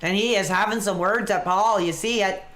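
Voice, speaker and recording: A man's voice: sits high, steady tone, moderate pace, fairly bright tone. A man chatting casually on a webcam stream, reacting to a wrestling match as he watches along. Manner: laid-back, chatty, reacting to the action.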